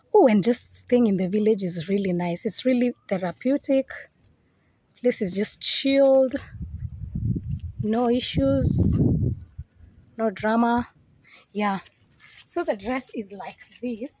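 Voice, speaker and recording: A woman's voice: fairly high pitch, a little mellow, no room sound. A young woman talking casually to her viewers on a phone camera outdoors in a village compound, chatty and playful. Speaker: vlogger. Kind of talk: casual vlog talk to camera.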